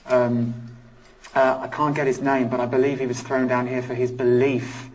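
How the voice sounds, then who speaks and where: A man working as a psychic medium on a live ghost hunt, talking in halting bursts and repeating his words. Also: mid-range voice, flat delivery, far from the mic, soft background music, rough recording. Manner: halting, repeats words, speaks of feeling panic and anger. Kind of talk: live paranormal investigation.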